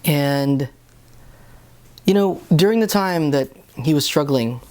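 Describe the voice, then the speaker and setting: A man's voice: fairly high pitch, lively intonation, slow, a little mellow. A man giving an earnest, casual Bible reflection, speaking conversationally and often restarting his sentences. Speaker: lay reflection host.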